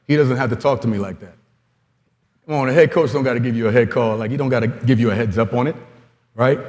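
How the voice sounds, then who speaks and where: A man in his forties giving an animated storytelling talk at a coaching conference, acting out quoted dialogue as he goes. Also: mid-range voice. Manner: lively storyteller who acts out quoted dialogue. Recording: long hall reverb.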